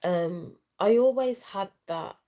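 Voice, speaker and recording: A young woman rambling softly in an unplanned livestream chat, sad and tearful, talking into a handheld phone. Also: mid-range voice, takes it slowly. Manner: rambling, soft-spoken, trailing off. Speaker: vlogger.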